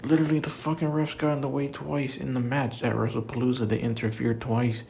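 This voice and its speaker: A man's voice: mid-range voice, level tone, a little fast, vocal fry, a little mellow, slight background noise. A man giving a heated, repetitive rant about wrestling, swearing often and stacking up fillers. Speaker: wrestling commentator. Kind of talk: ranting commentary.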